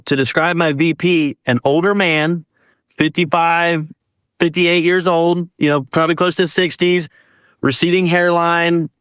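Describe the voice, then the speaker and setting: A man's voice: on the high side, clear, resonant tone, dry recording, clean studio sound. A man telling a personal story as a guest, casually, acting out what people said. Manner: animated, acts out dialogue with quoted voices.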